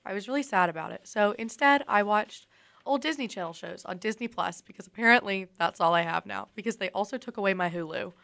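A woman's voice: mid-range voice, a little fast, gravelly, fairly bright tone. A young woman co-hosting a podcast in casual chat, telling stories and laughing often. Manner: chatty storytelling, laughing often. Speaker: podcast co-host.

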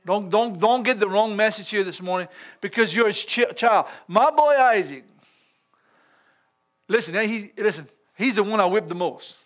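A middle-aged pastor with a strikingly high voice leads an informal church sermon at a moderate pace. He is expressive, folksy and chatty, chuckling often and addressing the congregation directly.

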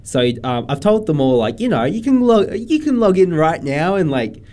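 A man's voice: on the high side, very animated, moderate pace, dark tone. A man chatting casually on a podcast, rambling with lots of fillers. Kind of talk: casual chat.

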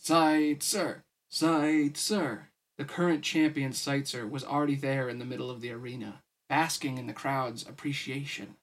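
A man's voice: medium pitch, fairly even intonation, brisk, hardly any pauses, fairly bright tone. Tired man reading a story aloud. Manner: casual, weary asides. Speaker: podcast host reading a novel. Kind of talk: audiobook-style story reading.

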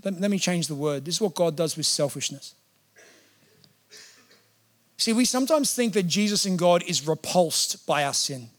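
A man preaching a sermon in a church, talking earnestly and conversationally and acting out quotes. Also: a little high. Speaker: pastor. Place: church hall.

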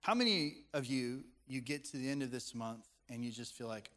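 A man's voice: mid-range voice, lively intonation, moderate pace, few pauses, fairly bright tone. A man pastor preaching a playful sermon to a congregation, quizzing the room with questions. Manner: playful, audience-engaging, asks the room questions. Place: church sanctuary with a congregation. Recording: long hall reverb.

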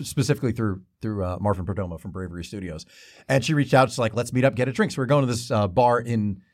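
A man's voice: lowish voice, quick pace. A man co-hosting a comedy podcast, telling an anecdote in casual chat and acting out what other people said. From northern New Jersey. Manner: animated storyteller, acts out quotes. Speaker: podcast co-host.

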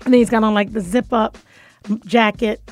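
Woman radio host, fairly high voice, playful and teasing, casual studio chat, soft music underneath. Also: fairly even intonation, normal speed.

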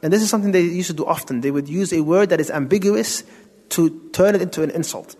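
A man's voice: high voice, fast, a little mellow. A man giving a Quran tafsir lesson, explaining step by step, asking rhetorical questions and mixing in Arabic terms. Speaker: Islamic teacher. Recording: long hall reverb.

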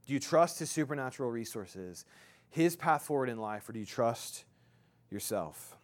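A man's voice: mid-range voice, lively intonation, moderate pace. A pastor in his thirties delivers a sermon in a loose, conversational way. He stumbles and restarts often, leaning on fillers as he works through his thoughts aloud. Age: 30s.

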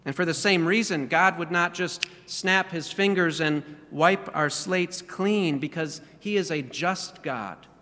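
Male pastor, deliberate and earnest, slightly higher voice, heard in a reverberant church. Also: bright, forceful tone. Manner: earnest, asks rhetorical questions. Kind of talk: sermon.

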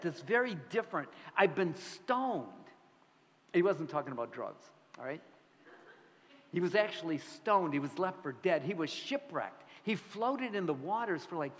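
Animated preaching man in a reverberant hall. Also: high-pitched. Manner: animated, conversational preaching with sudden loud emphasis. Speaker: pastor. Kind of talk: sermon. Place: church sanctuary.

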